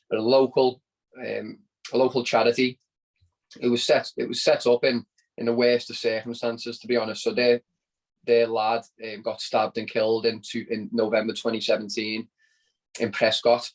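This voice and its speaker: A man's voice: mid-range voice, low-quality recording. Chatty Scouse man telling a story. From Liverpool, England. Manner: chatty, repeats words while telling a story. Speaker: podcast guest. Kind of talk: casual storytelling interview.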